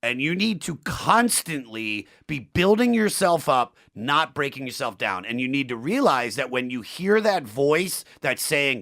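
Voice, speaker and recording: A man's voice: medium pitch, big pitch swings, measured pace, hardly any pauses, sharp tone. A young man co-hosting a podcast, talking in an earnest, motivational way with emphatic repetition. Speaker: podcast co-host. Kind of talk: casual podcast chat.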